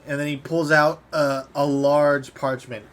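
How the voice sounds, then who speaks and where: A man's voice: a little high, measured pace, a little hiss or hum. Laid-back man narrating as game master. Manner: relaxed storyteller, loose and chatty.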